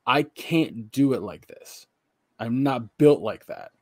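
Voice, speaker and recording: A man's voice: medium pitch, lively intonation, slow, no echo, studio quality. A young man and podcast co-host, casually telling long, profane, rambling stories about work and home. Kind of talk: casual chat.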